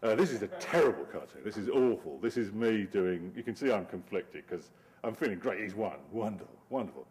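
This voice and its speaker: A man's voice: on the low side, animated, brisk, a little mellow. A middle-aged man, a cartoonist giving a wry, digressive talk over his slides and laughing often. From Britain.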